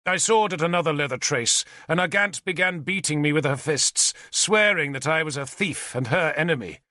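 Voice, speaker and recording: A man narrating an audiobook in the first person with a measured storytelling cadence. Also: a little high, sharp tone, no echo, studio quality.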